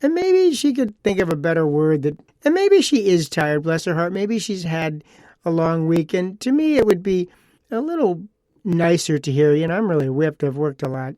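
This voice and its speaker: A man's voice: sits high, very animated, moderate pace, warm tone, dry recording. A man hosting a casual solo podcast talks on a close mic. He rambles in a chatty way, repeats himself and adds asides. The sound is dry and close, with no room around him. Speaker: podcast host.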